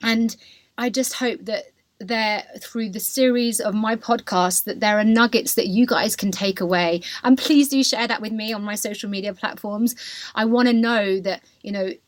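A woman's voice: medium pitch, moderate pace, dry recording. A young woman hosting a podcast, telling a personal story in a candid, emotional way with lots of fillers and restarts. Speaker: podcast host.

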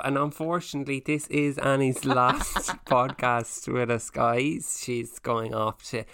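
A man in mid-register chat on a comedy podcast. His pitch moves a lot as he teases his co-host with mock-serious, deadpan jokes, sometimes laughing through his lines. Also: a little slow, vocal fry, hardly any pauses. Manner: teasing, deadpan jokey asides.

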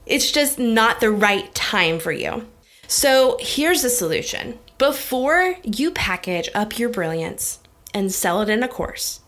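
Chatty, energetic woman business coach. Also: medium pitch. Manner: energetic, chatty, addresses listeners as guys and honey. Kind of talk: casual direct-to-camera coaching talk.

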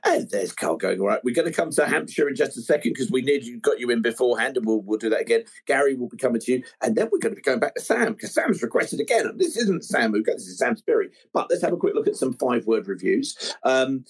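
A man hosts a live football fan show, chatting easily as he reads out listener messages. His voice is slightly husky, sitting at an ordinary middle pitch. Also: big pitch swings, quick pace, few pauses. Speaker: podcast host.

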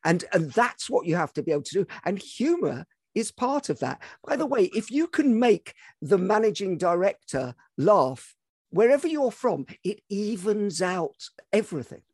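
A man's voice: high voice, sing-song, moderate pace, a little mellow, husky, no room sound, clean studio sound. A man hosting a podcast interview, thoughtfully picking up and building on his guest's points. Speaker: podcast host. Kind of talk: conversational interview.

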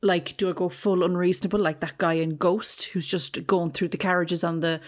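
Woman co-host with a lowish voice, chatty, jokes and hesitates a lot. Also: steady tone, moderate pace. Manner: joking, hesitant, many fillers. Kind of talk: casual chat.

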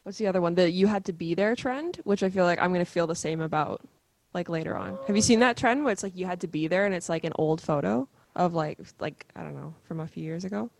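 Musing lower-voiced woman. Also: quick pace, gravelly, a little mellow. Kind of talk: casual chat.

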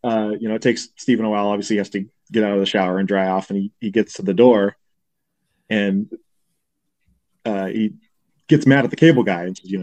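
A man co-hosting a podcast, casually recapping a film scene by scene and slipping into quick character impressions. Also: fairly low pitch, fairly even intonation, a little mellow. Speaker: podcast co-host. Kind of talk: casual movie recap chat.

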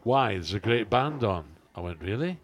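A man's voice: on the low side, animated, normal speed, slight background noise. An older man, co-hosting a podcast in casual chat, rambling through jokey anecdotes with plenty of fillers. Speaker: podcast co-host.

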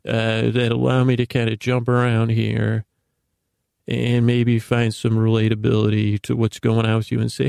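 Podcast host, male, creaky voice, dry close sound, meandering self-deprecating monologue. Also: medium pitch, completely flat delivery, moderate pace, a little mellow, dry recording. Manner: meandering, self-deprecating, stumbles and repeats words. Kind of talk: rambling bedtime monologue.

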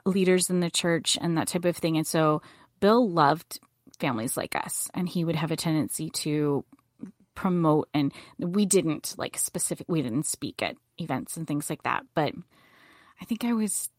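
Lively woman telling a story. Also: moderate pace, dry recording, clean studio sound. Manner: animated, acts out quotes with big jumps in pitch. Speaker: guest. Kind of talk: storytelling in a podcast interview.

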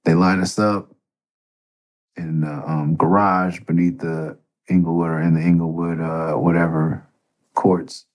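A man's voice: low voice, little pitch movement, measured pace. A middle-aged man hosting a podcast, telling a story in a casual, profane, rambling way. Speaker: podcast host.

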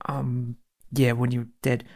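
Slow, gravelly, hesitant man. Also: mid-range voice, level tone, darkish tone. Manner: hesitant, many ums and uhs. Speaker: tabletop game player. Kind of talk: casual chat.

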